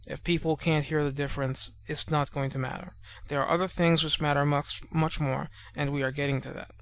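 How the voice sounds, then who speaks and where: Slow-spelling male language teacher. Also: fairly high pitch, fairly bright tone, clear, resonant tone. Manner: measured and explanatory, spells out sounds slowly. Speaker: language teacher narrating a lesson. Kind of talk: explanatory lesson narration over slides.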